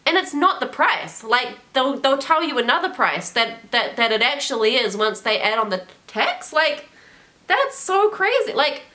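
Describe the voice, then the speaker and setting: A woman's voice: fairly high pitch, lively intonation, normal speed, hardly any pauses, pushed and bright. A young woman with a New Zealand accent, chatting casually and animatedly in a vlog, with lots of fillers. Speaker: travel vlogger.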